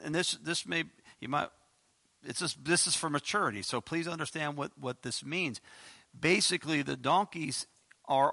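A man preaching an expository sermon, stammering through restarts, slowing down to read scripture and breaking into high, animated exclamations. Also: vocal fry, no echo. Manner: animated, emphatic bursts of high-pitched exclamation; slows down to read scripture aloud.

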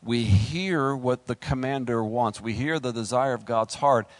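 Male pastor mid-sermon, lively and punchy, middle pitch, recorded dry. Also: measured pace, no room sound. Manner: animated preaching, rising to high exclaims.

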